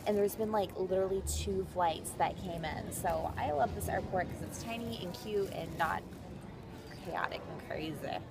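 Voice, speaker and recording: A woman's voice: mid-range voice, moderate pace. A woman talking casually to camera in a travel vlog, chatty and full of "like" and "um". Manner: chatty, filler-heavy with frequent "like" and "um". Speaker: vlogger. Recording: handheld vlog with noisy background ambience.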